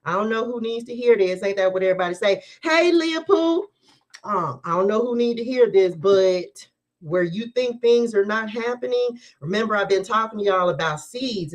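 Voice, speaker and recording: Woman tarot reader hosting a live stream; casual, lively, laughing, talks to the viewers. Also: mid-range voice, fairly quick. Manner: chatty, animated, laughs often, talks straight to viewers.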